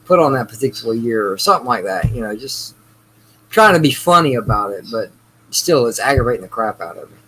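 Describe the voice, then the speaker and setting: Male co-host, bright and sharp tone, easygoing delivery. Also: medium pitch, fairly quick, a little hiss or hum, rough recording. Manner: relaxed, says "you know" often. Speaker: podcast co-host. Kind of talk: casual chat.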